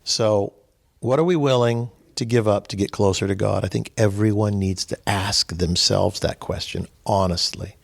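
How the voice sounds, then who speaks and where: A man's voice: lowish voice, steady tone, normal speed, creaky. A man hosting a spiritual gathering, giving a folksy, sermon-style talk full of sayings and little acted-out quotes. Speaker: host leading a spiritual gathering.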